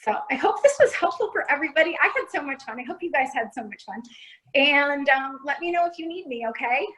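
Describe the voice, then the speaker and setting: Upbeat fitness coach, woman, bright high register, video-call sound. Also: expressive, fast, low-quality recording. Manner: upbeat, encouraging instructor. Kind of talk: virtual class Q&A.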